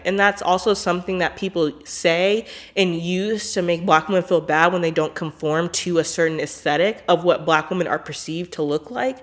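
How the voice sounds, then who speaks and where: A woman hosting a podcast in a casual monologue, blunt, emphatic and profane, filling her talk with "like". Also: on the low side. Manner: animated, with frequent "like" fillers. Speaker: podcast host.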